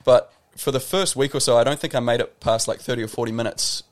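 A man's voice: mid-range voice, fairly even intonation, fast talker. A man in his thirties from New Zealand with a New Zealand accent, a podcast guest telling stories in a reflective, casual way. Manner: reflective storytelling, lots of "like" and restarts. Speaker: guest, professional tennis player.

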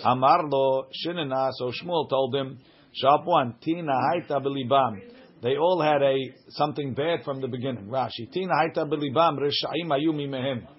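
A man teaching a Talmud class reads each phrase of the Aramaic text, then translates and explains it line by line. His voice is medium-pitched at normal speed, captured on a dull lo-fi recording.

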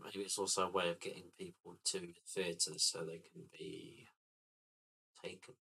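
A man co-hosts a relaxed film podcast, chipping in with short, hesitant replies. His voice is very deep yet has a bright, forward edge. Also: normal speed, gravelly, breathy edge. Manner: laid-back, unsure, short replies. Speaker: podcast co-host. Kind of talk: casual film-review chat.

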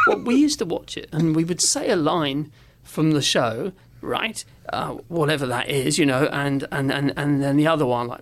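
A man in casual conversation, telling an anecdote and acting out the voices in it. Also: fairly high pitch. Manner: animated storyteller, acts out quotes. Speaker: podcast co-host.

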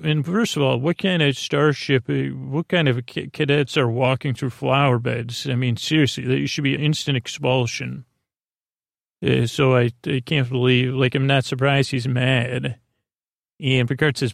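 Man, podcast host, rambling recap, gravelly, dry close sound. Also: mid-range voice, steady tone, unhurried, no room sound. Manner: loose, rambling retelling with offhand jokes. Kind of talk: casual episode recap.

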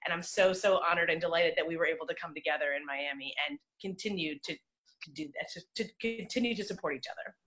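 Bright-voiced woman speaking warmly. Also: low voice, fast talker, low-quality recording. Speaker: program leader. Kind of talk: casual chat on a video call.

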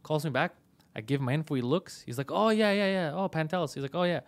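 With a voice on the high side and a quick pace, a man hosting a comedy podcast spins a story in relaxed chat. He curses constantly and animatedly acts out each side of a phone argument.

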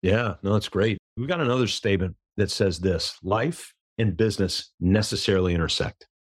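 A low-voiced man with a slightly husky edge, talking earnestly as a podcast guest. He leans into his points with emphasis and slips into quick bits of quoted dialogue. The sound is dry and close, with no room around it. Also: no room sound. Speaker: podcast guest, business coach. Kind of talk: conversational interview answer.

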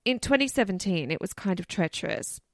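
A woman's voice: on the low side, very animated, fairly quick, creaky, dry recording, studio quality. A woman co-hosting a podcast, telling a case in a chatty, loose way full of asides. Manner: chatty, loose, many "you know" and "like" asides. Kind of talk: casual storytelling chat.

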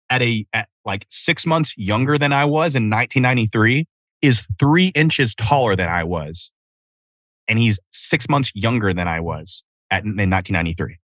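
A man in his thirties from Tennessee, hosting a casual solo podcast outdoors, telling animated, profane stories. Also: sits low, dry recording. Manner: animated storytelling with cursing and self-interruptions. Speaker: podcast host.

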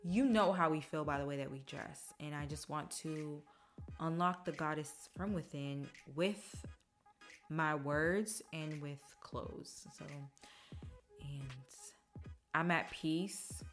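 A woman's voice: low-pitched, slow. A young woman hosting a podcast, talking casually and emotionally about her life and acting out what others said. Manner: chatty, emotional, quotes others in animated voices. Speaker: podcast host. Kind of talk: casual personal monologue. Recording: faint music behind.

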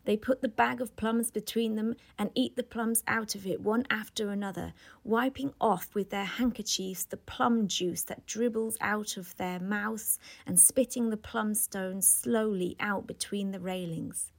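A woman's voice: mid-range voice, fairly even intonation, a little slow, gravelly, hardly any pauses. A woman reading the part of a wry young man telling a detailed anecdote.

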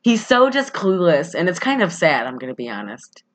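A woman's voice: lowish voice, big pitch swings, normal speed. A young woman from southern Michigan with a Midwestern accent, rambling through a casual movie recap with lots of fillers and giggles. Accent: Midwestern American. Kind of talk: casual chat.

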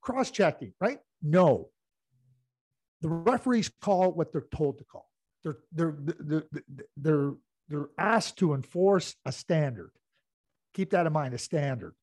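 A man's voice: a little high, animated, takes it slowly, darkish tone. Rambling middle-aged male hockey analyst. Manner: rambling storyteller with many "you know" fillers. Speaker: hockey analyst and former team executive. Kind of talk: anecdotal sports talk.

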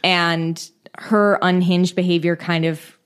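Podcast co-host, woman, lowish voice, casual movie recap, blunt takes. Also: flat delivery, takes it slowly, smooth. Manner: plot-retelling, blunt opinions.

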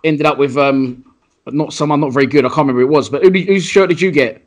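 A male podcast host in relaxed chat, prompting his guest with questions. He laughs along easily, and his voice sits slightly higher than most men's. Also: quick pace. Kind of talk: casual interview.

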